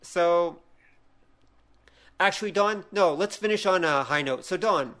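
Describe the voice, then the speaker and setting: A man's voice: high-pitched, a little slow, a bit bright, smooth. A man co-hosting a podcast, talking casually and rambling with fillers. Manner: rambling, hesitant. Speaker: podcast co-host. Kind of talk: casual chat.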